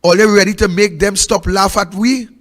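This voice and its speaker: A man with a Trinidadian accent hosting a political talk show, preaching impassioned commentary with repeated rhetorical questions, swinging from loud to hushed. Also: high-pitched, steady tone, moderate pace, big-room sound.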